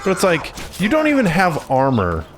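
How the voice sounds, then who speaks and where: A man's voice: high-pitched, normal speed, music in the background. A man hosting a let's play, joking through casual gaming chat. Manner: joking, animated commentary.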